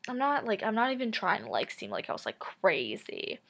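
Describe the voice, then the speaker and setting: A woman's voice: a little high, very animated, a little fast, gravelly. A woman in her twenties telling a personal story to camera in a casual, chatty way, full of "like" and "um" and frank swearing. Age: 20s. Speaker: vlogger.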